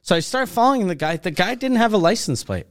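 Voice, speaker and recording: A man with a smooth, clear voice tells a relaxed, profane story in casual podcast chat. His voice sits slightly high and sounds dry and close to the mic. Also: fast talker, no echo. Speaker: podcast co-host.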